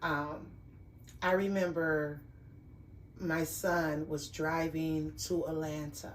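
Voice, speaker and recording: A woman's voice: low voice, little pitch movement, slow, recorded from a distance, slight background noise. A woman in her fifties hosting a talk show, telling stories in an emphatic, motherly way. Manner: warm motherly storytelling, emphatic. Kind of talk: casual conversation.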